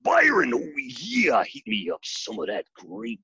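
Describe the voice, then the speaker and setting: A man putting on the voice of an intense, excitable male pro wrestler in a comedy interview bit. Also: medium pitch, unhurried, breathy edge, no echo, dull audio, exaggerated voice.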